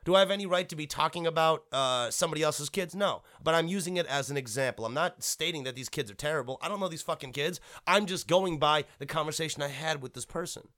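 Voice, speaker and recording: A young man with a fairly high voice holds forth in a blunt, profane rant. He rambles and keeps restarting his sentences as he talks straight to his listeners. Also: quick pace, few pauses, a bit bright. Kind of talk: ranting monologue.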